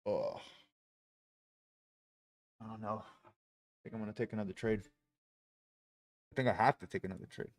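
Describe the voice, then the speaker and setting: Cursing low-voiced man livestreaming trades. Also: animated, normal speed, vocal fry, long pauses. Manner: profane, with frustrated outbursts. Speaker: day-trading streamer. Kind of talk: live-streamed trading commentary.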